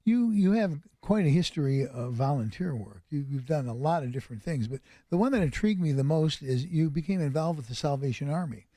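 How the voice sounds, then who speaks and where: Fast-talking male radio host, raised pitch, mellow tone, dry studio sound, playful. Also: expressive, no room sound. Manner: quick, joking, conversational. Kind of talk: radio talk show hosting.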